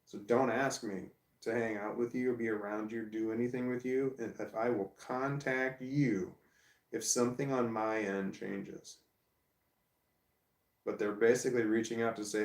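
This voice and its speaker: A man's voice: on the low side, fairly even intonation, normal speed. A middle-aged man venting bluntly and profanely in a personal video rant, repeating himself as he goes. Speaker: vlogger. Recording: echoey room, distant from mic.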